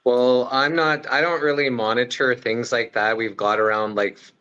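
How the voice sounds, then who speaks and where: A man's voice: on the low side, a bit bright, clear, resonant tone, rough recording. A man from Western Canada, a guest on an online talk show, speaking plainly and hesitantly. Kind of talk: casual chat.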